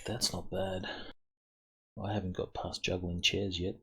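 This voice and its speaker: A man with a fairly low voice sits at a tabletop game, describing what his character does. He talks in a relaxed, dry way. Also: measured pace, slightly rough. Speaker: player. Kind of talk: casual table talk.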